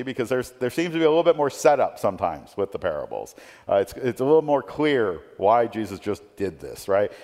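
A man's voice: medium pitch, darkish tone. Conversational male preacher in a reverberant hall. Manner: conversational, tag questions, frequent restarts. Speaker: pastor. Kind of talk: sermon.

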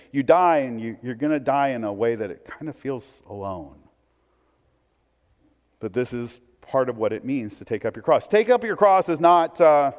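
A man's voice: fairly low pitch, darkish tone. A man preaching a sermon in a conversational way, with asides and restarts. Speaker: pastor. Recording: long hall reverb.

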